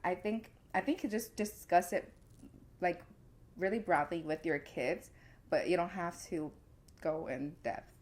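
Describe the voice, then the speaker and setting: A young woman with a lowish voice and measured pace co-hosts a podcast in casual chat. She's candid and loose, swearing freely and acting out her own inner voice.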